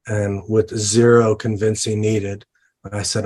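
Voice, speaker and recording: A man's voice: lowish voice, level tone, moderate pace, a little mellow. A man, a film director, talking about his film in an interview, with many fillers and restarts. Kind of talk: interview conversation. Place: lives in New Orleans.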